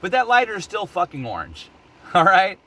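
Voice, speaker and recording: A man vents in a heated vlog rant, cursing often and getting openly worked up. His voice sits high and swings widely in pitch. The tone is bright and tense. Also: huge pitch swings, moderate pace. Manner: angry, profane, worked up. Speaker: vlogger. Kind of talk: heated opinion rant to camera.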